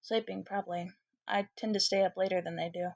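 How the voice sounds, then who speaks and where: A shy, brainy young turtle, as a woman reads him, soft-spoken and modest, stopping to hesitate before he says what he feels. His voice has a gravelly, husky grain, and it sounds dry and close, with no room around it. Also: mid-range voice, fairly even intonation, fairly quick, dry recording. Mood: shy, gentle. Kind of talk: fan fiction reading.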